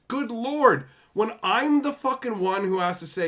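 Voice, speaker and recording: A male live-stream host with a bright, slightly high, forceful voice. He rants bluntly and sarcastically with plenty of swearing. He breaks off now and then to greet viewers in the chat. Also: lively intonation, a little slow, hardly any pauses. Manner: blunt, sarcastic, profane ranting. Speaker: livestream host. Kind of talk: profane live-stream commentary.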